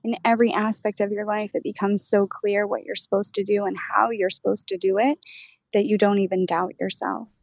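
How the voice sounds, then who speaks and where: A woman voicing a channeled spirit guide, speaking slowly and gently in a channeling session. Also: mid-range voice, flat delivery, gravelly, no echo. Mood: serene. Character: calm wise female spirit guide, unhurried. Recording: dull, dry, lo-fi sound.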